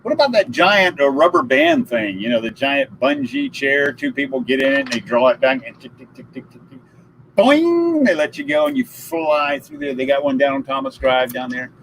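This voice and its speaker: A man's voice: a little high, huge pitch swings, brisk, gravelly, few pauses, fairly bright tone, a little hiss or hum, rough recording. Joking man hosting a live chat. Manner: jokey, storytelling, laughs at his own puns. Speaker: live stream host. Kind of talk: casual live stream chat.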